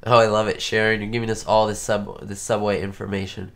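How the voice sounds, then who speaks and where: A man's voice: fairly low pitch, little pitch movement, brisk, fairly bright tone. Nasal, congested man chatting live. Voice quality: nasal from a cold. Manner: chatty, rambling with fillers. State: sick, congested. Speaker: YouTube host. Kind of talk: live-stream chat answering viewers. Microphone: webcam setup.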